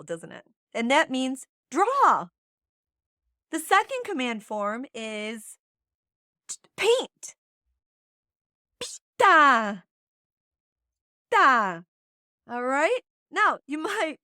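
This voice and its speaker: A bubbly woman hosts a podcast in a slightly high voice, encouraging her listeners as she teaches them a few phrases. She speaks slowly and deliberately, leaning on each word. The sound is close and dry, with no room around it. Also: very animated, sharp tone, no room sound. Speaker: podcast host. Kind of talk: casual chat.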